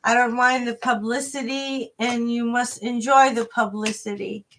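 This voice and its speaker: A woman's voice: on the high side, steady tone, unhurried, a bit bright, a little hiss or hum. A woman giving a live tarot reading to viewers, hesitant and rambling, with many fillers and restarts, chatty and friendly. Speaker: tarot reader.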